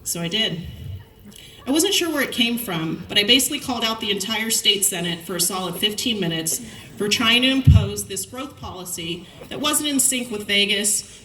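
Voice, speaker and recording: Bright-voiced woman telling stories in an echoey hall. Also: medium pitch, recorded from a distance, a little hiss or hum. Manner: storytelling, lively anecdotes with quoted dialogue. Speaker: commencement speaker. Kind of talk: commencement speech.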